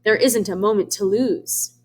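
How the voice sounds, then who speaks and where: A woman's voice: mid-range voice, darkish tone, a little hiss or hum, natural voice. A woman doing a sly, sugary storybook fox. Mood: persuasive. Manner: slow, sugary, falsely polite. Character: sly smooth-talking male fox, a trickster.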